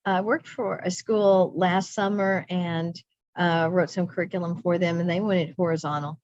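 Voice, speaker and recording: Chatty lower-voiced woman leading teacher training. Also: fairly even intonation, normal speed, a little mellow, no room sound, muffled recording. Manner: chatty and self-interrupting, laughs at herself. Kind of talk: recorded teacher training session.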